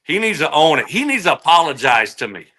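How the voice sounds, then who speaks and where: Fast and sharp, this slightly high voice belongs to a man in his forties who once played wide receiver and now guests on a podcast. Very animated, he tells a casual story, his pitch leaping whenever he reenacts his own outbursts.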